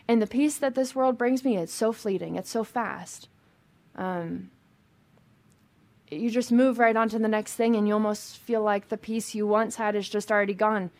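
A woman's voice: medium pitch, steady tone, normal speed, darkish tone. A woman pastor preaching a sermon in a conversational, emphatic way, with frequent restarts and asides.

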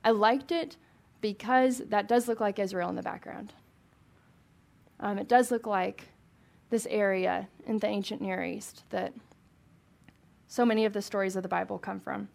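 A woman's voice: medium pitch, fairly even intonation, moderate pace, gravelly, darkish tone. A woman leading a Bible study for a small group, reading scripture aloud and chatting with questions to the room.

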